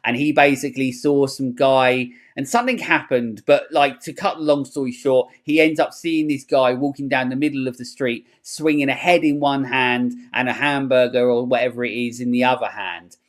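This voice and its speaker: A man hosting a podcast, chatting casually in a rambling, animated way and swearing freely. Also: mid-range voice, moderate pace, few pauses. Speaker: podcast host. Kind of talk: casual chat.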